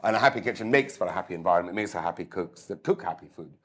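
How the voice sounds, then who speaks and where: An older man who cooks and writes cookbooks races through an interview in a deep, expressive voice with a breathy edge. He's enthusiastic and pokes fun at himself throughout the conversation.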